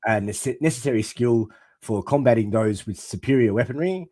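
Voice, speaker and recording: A man co-hosting a podcast, reading a text aloud haltingly in casual chat. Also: mid-range voice, mellow, no room sound. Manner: reads text aloud haltingly, stumbling over words. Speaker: podcast co-host.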